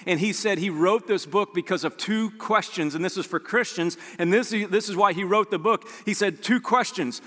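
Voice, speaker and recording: Pastor guy preaching, high bright voice, big echoey hall. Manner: animated, conversational preaching with quoted asides. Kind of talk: sermon.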